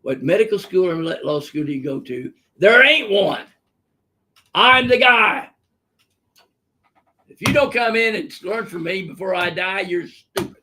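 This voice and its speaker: A man's voice: sits high, expressive, a little slow, long pauses, pushed and bright, slight background noise. An older man, a physician hosting a live webinar, telling stories in a blunt, emphatic, opinionated way. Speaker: physician host answering viewer questions. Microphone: live webinar microphone.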